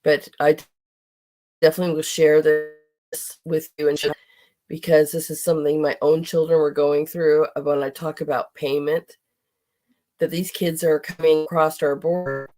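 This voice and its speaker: A woman's voice: low-pitched, little pitch movement, normal speed, dark tone, faint music behind. A middle-aged woman hosting a podcast, speaking in an impassioned, indignant monologue and at times near tears. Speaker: podcast host.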